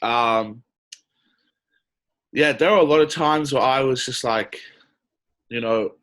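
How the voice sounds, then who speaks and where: A man's voice: mid-range voice, takes it slowly, fairly bright tone. A man in his twenties with an Australian accent, a guest on a podcast who tells stories in an easygoing way with lots of fillers. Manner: easygoing storytelling with frequent "like" fillers. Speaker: basketball player, podcast guest. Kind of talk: casual interview chat.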